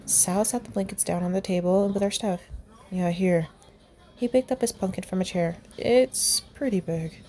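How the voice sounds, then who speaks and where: A woman's voice: medium pitch, normal speed, warm tone. A young woman reading a fan story aloud, voicing the characters in her own voice and laughing and commenting along the way. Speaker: fan fiction reader.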